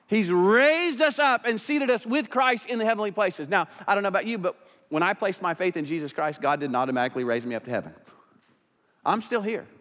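A man preaching a sermon as pastor, swinging from quiet, intimate stretches to loud, fired-up passages. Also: a little high, in a large hall.

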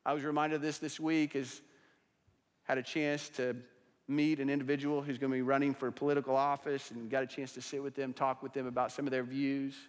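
A male pastor preaching a sermon to a congregation, swinging between loud declarations and hushed, intense asides. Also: mid-range voice, little pitch movement, brisk. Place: church sanctuary with a congregation. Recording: long hall reverb.

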